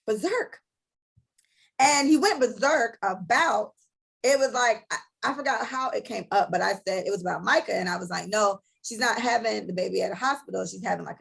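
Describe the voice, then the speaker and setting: A woman's voice: mid-range voice, gravelly, breathy edge, rough recording. A young woman co-hosting a casual podcast, telling a story bluntly and profanely and acting out both sides of an argument. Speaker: podcast co-host.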